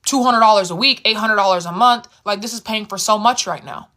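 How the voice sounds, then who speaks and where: A woman voicing a quiet, easygoing young man with a deep voice, in a spoken storytime. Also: fairly quick, natural voice. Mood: laid-back. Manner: easygoing, few words. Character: laid-back young man, big quiet teddy bear.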